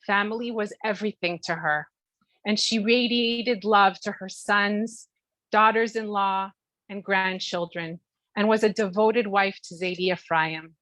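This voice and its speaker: A woman's voice: mid-range voice, steady tone, fairly bright tone, dry recording, low-quality recording. Heartfelt mother reading a speech. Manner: heartfelt, measured, sprinkled with Hebrew terms. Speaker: mother giving a bat mitzvah speech. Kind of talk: read-aloud family speech. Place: Toronto.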